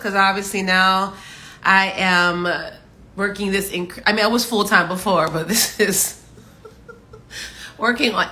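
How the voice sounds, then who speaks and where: A woman's voice: mid-range voice, bright, forceful tone. A woman in her morning voice hosting a casual livestream from home, chatting upbeat with viewers and laughing often. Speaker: livestream host. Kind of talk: casual live chat greeting viewers.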